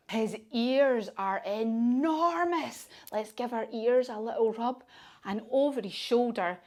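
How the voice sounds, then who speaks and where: A woman leads children through yoga poses while telling a storybook tale. Her instructions are sing-song and encouraging, and her pitch sits in a middle range. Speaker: kids yoga teacher.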